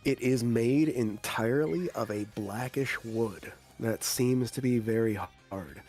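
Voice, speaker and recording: A man running a tabletop role-playing game, narrating scenes in a steady, descriptive way. His voice sits at an ordinary middle pitch, and faint music plays in the background. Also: unhurried, husky. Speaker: game master.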